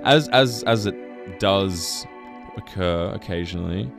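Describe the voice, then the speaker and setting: A man's voice: sits low, a little slow, gravelly, music in the background. A man co-hosting a radio show in a studio, rambling in a self-mocking way and laughing often. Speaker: radio drive-time co-host. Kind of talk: playful radio banter.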